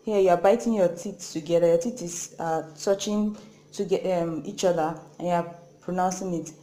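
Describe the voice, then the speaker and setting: A woman from Nigeria with a Nigerian accent, hosting a lesson and slowly repeating each sound several times. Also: on the low side, steady tone, warm tone, roomy sound, low-quality recording. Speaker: Korean language teacher, channel host. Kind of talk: slow spoken lesson.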